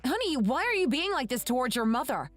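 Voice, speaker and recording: A woman voicing an indignant young wife in an animated story, scolding in a shocked way. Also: sits high, a little fast, faint music behind.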